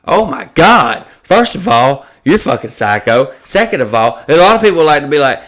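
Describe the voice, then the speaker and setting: A man's voice: mid-range voice, big pitch swings, moderate pace, hardly any pauses, fairly bright tone. A man, a stand-up comedian hosting a podcast, ranting in a profane, exasperated casual chat.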